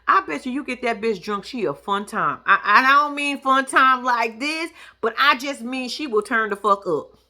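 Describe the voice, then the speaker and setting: A woman's voice: a little high, normal speed. A woman talking casually, recapping a TV episode in a sassy, profane, teasing way. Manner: profane, sassy, animated storytelling; sarcastic, teasing. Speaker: reality TV recap vlogger. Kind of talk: casual commentary.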